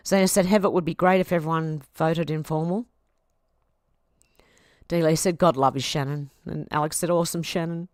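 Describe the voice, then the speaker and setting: A middle-aged Australian woman hosting a livestream at home, reading viewer comments aloud in a chatty, quick run while teary and sniffling. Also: low voice, fairly even intonation, darkish tone, dry recording, clean studio sound. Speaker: livestream host reading chat.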